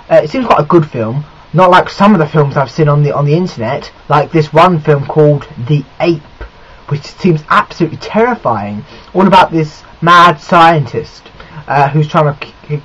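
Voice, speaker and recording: A man's voice: fairly high pitch, fairly bright tone, husky. Chatty young guy, muffled camera mic. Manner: rambling, restarts often, chatty. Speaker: film vlogger. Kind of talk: casual video diary. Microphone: built-in camera mic.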